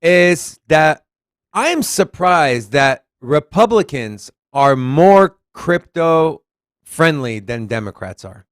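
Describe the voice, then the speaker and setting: Animated Texan man reading crypto news. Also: a little high, slow pace, clean tone, no echo, clean studio sound. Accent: Southern US. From Texas. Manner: animated, reads articles aloud, swears casually. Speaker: podcast co-host. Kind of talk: casual crypto news chat.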